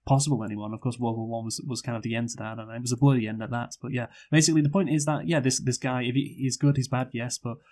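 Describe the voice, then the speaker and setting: A man's voice: mid-range voice, steady tone, rapid-fire, few pauses, darkish tone. A man co-hosting a casual film review chat, rambling with many fillers and restarts and swearing freely. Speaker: podcast co-host, film reviewer.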